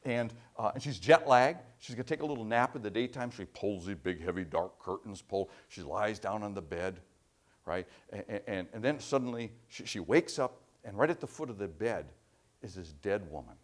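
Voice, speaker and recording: A man giving a university lecture, telling anecdotes in an animated way with frequent restarts. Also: lowish voice, moderate pace. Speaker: professor giving a guest lecture.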